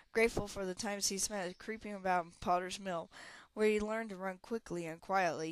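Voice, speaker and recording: A woman reading a fantasy novel aloud with steady, even storytelling. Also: mid-range voice, no room sound, rough recording. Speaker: audiobook reader.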